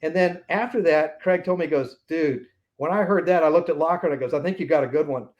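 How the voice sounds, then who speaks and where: Guy in his 60s spinning a story, acts out everyone's voices, a bit higher voice. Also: a little fast, highs cut off. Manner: animated anecdotes, acting out quoted voices. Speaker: guest. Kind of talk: storytelling in a casual interview.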